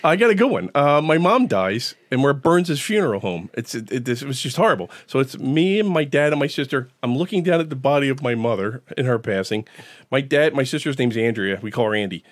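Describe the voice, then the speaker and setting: A man's voice: medium pitch, sing-song, a little fast, no room sound. A man hosting a comedy podcast, telling anecdotes with punchy comic timing that builds to punchlines. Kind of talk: comedic storytelling chat.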